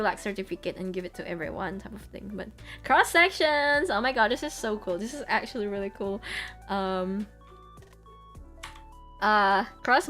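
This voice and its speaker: Chatty giggly woman streamer, kinda high voice, faint music behind. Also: a bit bright. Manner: chatty, giggly, lots of fillers. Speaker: vtuber streamer. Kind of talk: casual chat showing trip photos.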